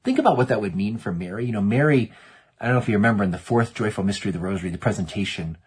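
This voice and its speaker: Husky-voiced male preacher. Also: lowish voice, animated, very fast. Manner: earnest, repeats words when restarting, acts out quotes. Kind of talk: sermon.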